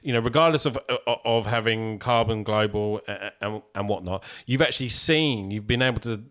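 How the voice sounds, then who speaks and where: A man hosting a podcast conversation, encouraging and quick to chime in. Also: on the low side, fairly bright tone. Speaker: podcast host. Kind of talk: casual interview chat.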